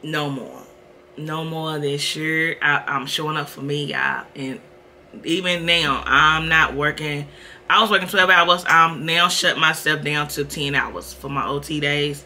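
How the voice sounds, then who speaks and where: A woman's voice: deep voice, a little slow, pushed and bright, a little hiss or hum. A woman in her thirties talking candidly to her viewers in a casual home vlog. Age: 30s. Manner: candid, chatty, addresses viewers as y'all. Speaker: vlogger.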